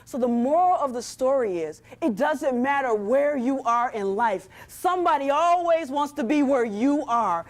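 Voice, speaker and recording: A woman giving a motivational talk from a stage, speaking straight to the audience with a lively, preacher-like rhythm. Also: sits high, moderate pace, hardly any pauses, a faint crowd, a little hiss or hum.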